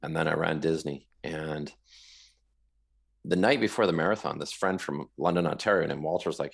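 A man from Canada, a guest in an interview, telling his story in a rambling, animated way, often repeating words. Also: a bass voice, a little fast, vocal fry, slightly rough.

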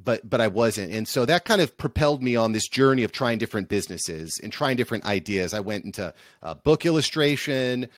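A man from the United States, a podcast agency founder, telling stories in an upbeat, animated way as an interview guest. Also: mid-range voice, brisk, few pauses, no echo, clean studio sound. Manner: upbeat, energetic, animated storyteller. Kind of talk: casual interview storytelling.

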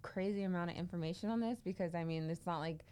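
A woman's voice: on the low side, fast, mellow, clear, resonant tone. A woman hosting a podcast, casually telling a creepy story with lots of fillers. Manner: chatty, many fillers, laughs easily. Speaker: podcast host.

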